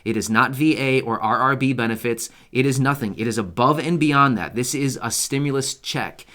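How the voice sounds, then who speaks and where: A man's voice: medium pitch, moderate pace, sharp tone. A man hosting his own channel, talking straight to his viewers in a casual, conversational way and repeating key points for emphasis. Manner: speaks directly to viewers. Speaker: channel host. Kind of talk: casual explainer video.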